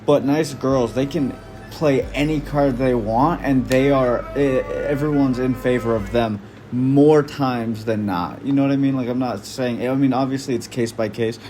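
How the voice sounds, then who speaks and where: A man's voice: mid-range voice, moderate pace, a little mellow, faint music behind. A man doing casual reaction commentary, blunt and slangy, swearing freely. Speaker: online commentator.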